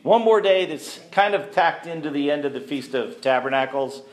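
A man's voice: on the high side, animated, normal speed. Guy giving a sermon, chatty, asks the crowd stuff, roomy echo. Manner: conversational, asks the congregation questions. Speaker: messianic teacher. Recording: echoey room.

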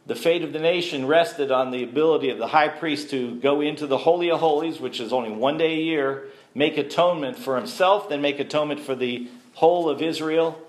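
A man's voice: fairly high pitch, fairly quick. Guy giving a sermon, chatty, asks the crowd stuff, roomy echo. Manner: conversational, asks the congregation questions. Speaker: messianic teacher. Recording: echoey room.

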